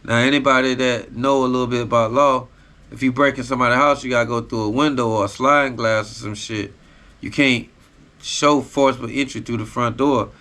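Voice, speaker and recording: A man's voice: mid-range voice, fairly even intonation, a little fast, pushed and bright. A man hosting a podcast, telling a personal story in a raw, profane, casual street style. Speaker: podcast host.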